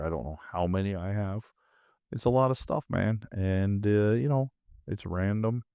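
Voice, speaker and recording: A man's voice: low voice, a little mellow, no echo, studio quality. A man hosting his own podcast from his home movie room, drowsy and half asleep, rambling in a laid-back, meandering way. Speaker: podcast host. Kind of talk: casual rambling monologue.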